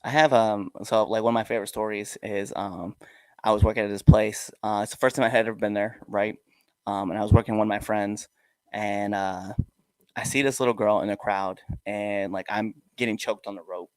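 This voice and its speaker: Low-voiced man hosting a podcast. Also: a little fast, clean tone, dry recording. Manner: animated storyteller, acts out quoted voices. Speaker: podcast host. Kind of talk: casual interview chat.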